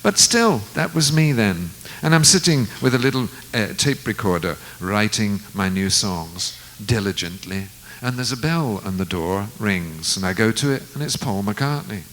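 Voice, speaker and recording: A man in his seventies, a guest musician, telling an anecdote in an unhurried way and acting out the quoted dialogue. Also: on the low side, animated, a bit bright, a little hiss or hum, low-quality recording. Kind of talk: anecdotal storytelling.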